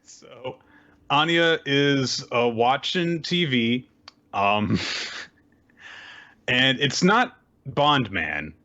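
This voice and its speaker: Lively, bright-voiced man recapping manga. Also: drawn-out words, long pauses, muffled recording. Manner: animated retelling with big high-pitched character voices and frequent laughs. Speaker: podcast co-host. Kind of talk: casual manga recap chat.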